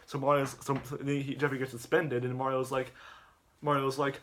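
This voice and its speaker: A man's voice: mid-range voice, flat delivery, moderate pace, a bit bright. A man casually retelling a comedy video, rambling and stumbling over his words. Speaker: YouTuber.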